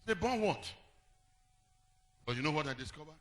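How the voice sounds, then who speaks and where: A man preaching a sermon as pastor, singing some phrases and shouting others, then dropping low to tell stories. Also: expressive, moderate pace.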